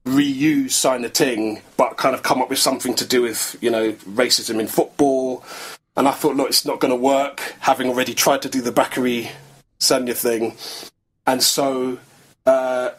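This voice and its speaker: Husky man, rambling musician guest. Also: medium pitch, rough recording. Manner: relaxed, rambling, many fillers. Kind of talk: casual podcast interview.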